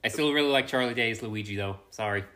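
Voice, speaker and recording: A man's voice: medium pitch, fast talker, pushed and bright. A man co-hosting a podcast in casual chat, mostly giving short agreements and dry joking asides. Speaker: podcast co-host.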